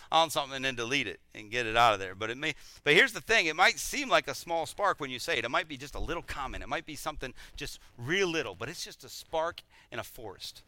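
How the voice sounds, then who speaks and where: Middle-aged preacher, bright crisp tone, lively with acted-out quotes. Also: male voice, on the high side, dry recording. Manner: animated, acts out quoted voices. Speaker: pastor. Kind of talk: sermon.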